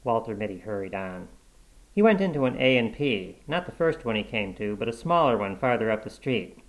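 A man narrating a short story aloud in a steady, measured storybook reading. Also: lowish voice, poor audio.

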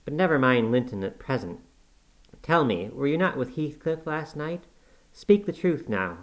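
A man voicing a harsh young master of the house, speaking gruffly and scornfully. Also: medium pitch, expressive, moderate pace, voice pushed up, lightly acted, low-quality recording. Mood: stern.

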